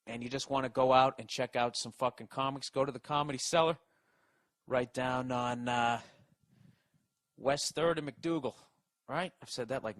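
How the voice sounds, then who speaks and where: Profane, animated storytelling man, dry close sound. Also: medium pitch, dry recording. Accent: Boston. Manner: profane, animated, rambling with restarts. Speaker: podcast host. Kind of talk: storytelling monologue.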